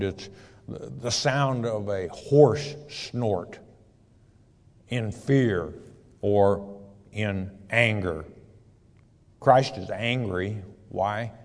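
A man's voice: on the low side, a little mellow, in a large hall. A man teaching scripture verse by verse, reading each passage and then explaining it in plain words. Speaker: preacher.

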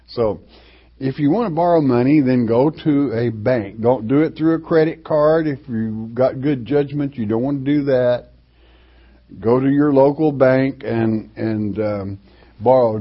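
An older man with a drawl leads a slow, unhurried Bible teaching, stopping and restarting as he drifts into homespun asides. His voice is a little husky. The recording sounds dull and lo-fi. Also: medium pitch.

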